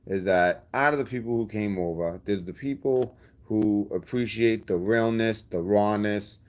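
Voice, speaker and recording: A man's voice: fairly low pitch, measured pace, darkish tone. A man, talking straight to his subscribers in a rambling, blunt and defiant way. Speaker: channel host. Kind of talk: casual vlog talk to subscribers.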